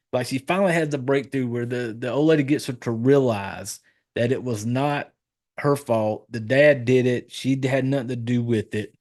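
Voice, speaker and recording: Casual, profane podcast host recapping a film. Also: male voice, medium pitch, darkish tone. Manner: loose, profane, rambling with fillers and self-corrections.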